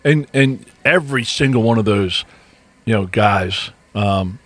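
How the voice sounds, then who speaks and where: In a podcast studio, a middle-aged male co-host chats casually, rambling with restarts and lots of ums. His voice is fairly low and fairly bright, and his pace is measured.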